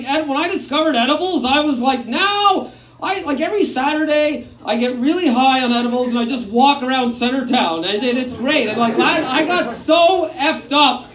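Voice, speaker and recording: A man's voice: very high voice, reverberant. A man, doing a self-mocking, rambling stand-up set on a comedy club stage. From Canada. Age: 40s.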